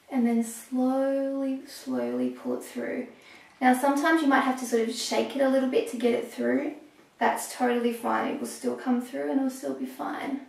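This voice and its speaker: A young woman talking through a hair tutorial step by step, a little hoarse as she is losing her voice. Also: high-pitched, darkish tone, far from the mic. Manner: chatty, explaining step by step with pauses. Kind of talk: casual how-to talk while working. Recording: echoey room, voice off-mic.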